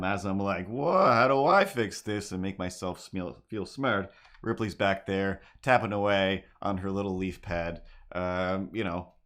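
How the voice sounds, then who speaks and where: Goofy, rambling man with a low voice. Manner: goofy, rambling, self-mocking. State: voice a bit worn. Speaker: livestream host and artist. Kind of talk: casual livestream chat while drawing. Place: home apartment.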